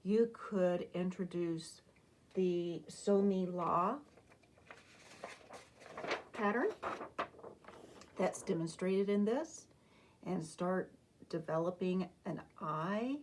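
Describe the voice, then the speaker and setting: A woman's voice: darkish tone, slight background noise. A woman music teacher, possibly middle-aged, patiently explaining a lesson to other teachers. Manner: slow, patient explanation that breaks into sung, high-pitched demonstrations. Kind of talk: instructional talk to teachers.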